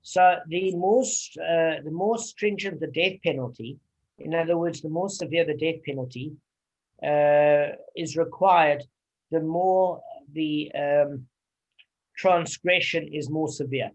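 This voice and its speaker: A man leads a casual study group, explaining texts at length and drifting into personal anecdotes. His voice is husky and his talk is full of fillers. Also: fairly high pitch, slow, muffled recording. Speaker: Talmud study leader.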